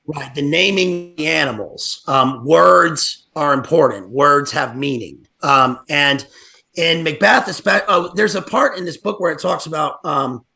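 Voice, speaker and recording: Gravelly, bright-voiced man analyzing literature. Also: fairly high pitch, a little slow. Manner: digressive, many fillers and restarts. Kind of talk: casual livestream discussion.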